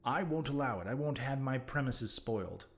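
A man doing a fussy, flustered old landlady who scolds in quick bursts, her voice jumping higher on alarm. An audiobook character voice with a middling pitch. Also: expressive, natural voice. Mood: fretful scolding. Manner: scolding, exclamatory, rapid complaints. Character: flustered talkative landlady, older woman.

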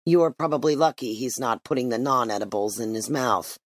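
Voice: medium pitch, normal speed, dry recording, natural voice. A narrator putting on a honey-voiced doctor. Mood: soothing. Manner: honeyed, soothing. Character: reassuring male family doctor, smooth-talking.

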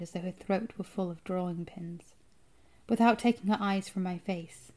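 A woman reads a children's novel aloud for a podcast, putting drama into the tense moments. Her telling is expressive and steady, at an ordinary pitch. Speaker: podcast co-host reading aloud.

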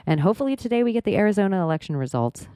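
A woman hosting a podcast, rambling casually with frequent swearing and animated outbursts. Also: medium pitch, racing, no echo, clean studio sound. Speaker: podcast host. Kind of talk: casual monologue.

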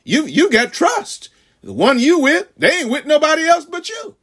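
High-voiced preacher guy, really animated, stammers and keeps asking huh, loud then quiet. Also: moderate pace. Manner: call-and-response, frequent "huh?"; swings between loud shouting and hushed asides. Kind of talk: sermon. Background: congregation laughing.

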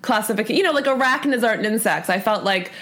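A woman on a trivia team, musing and thinking out loud with frequent laughs. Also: on the high side, lively intonation, quick pace. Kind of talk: casual podcast chat.

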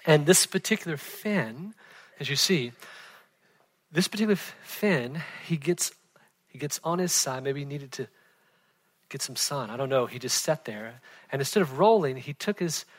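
A male pastor in his forties delivers a conversational sermon with a slightly high voice. He keeps checking in with his listeners and laughs easily, surging into loud excitement and then sinking into hushed tones. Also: normal speed, long pauses. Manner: conversational, peppered with "right?", laughs often.

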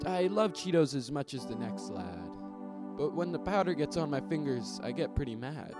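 A man reading parody commercials in a mock-earnest, rambling sales pitch. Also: expressive, moderate pace, over loud music. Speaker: mock ad reader.

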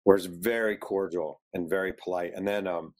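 A man's voice: deep voice, fairly even intonation, normal speed, a little mellow. A man, an author guest, telling a story in an interview and acting out the quotes.

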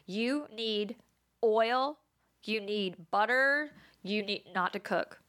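Bright-voiced woman telling funny stories. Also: takes it slowly, smooth. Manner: animated, laughs often, acts out voices in high pitch. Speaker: podcast host. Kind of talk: casual storytelling monologue.

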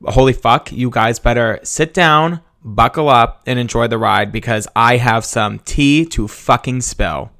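A man's voice: mid-range voice, measured pace, few pauses, sharp tone, no echo, clean studio sound. Chatty, foul-mouthed young man from Massachusetts. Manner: gossipy, profane, laughs while telling. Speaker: podcast host. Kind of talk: casual solo podcast storytelling.

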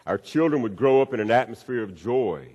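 A man preaching a sermon, acting out a story with swings between loud and hushed delivery. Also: lively intonation, fairly quick, breathy edge, lo-fi sound. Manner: storytelling with acted-out voices, wide swings in pitch and loudness. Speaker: pastor. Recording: long reverb of a hall.

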